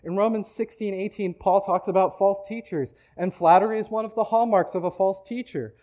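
A man's voice: sits high, brisk, a little mellow. A man preaching a sermon in a church, talking in a conversational way with frequent restarts. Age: adult, married. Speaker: pastor.

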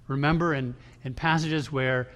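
A man's voice: mid-range voice, fairly even intonation, moderate pace, a bit bright. A man preaching a sermon to his congregation in a conversational style, with frequent restarts and emphatic quoted lines. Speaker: pastor. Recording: long hall reverb.

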